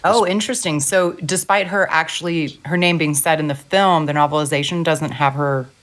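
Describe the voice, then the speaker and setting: Woman, lower voice, podcast co-host, reads mail, laughs easily. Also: fairly even intonation, moderate pace, fairly bright tone. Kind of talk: casual film podcast chat, reading listener email.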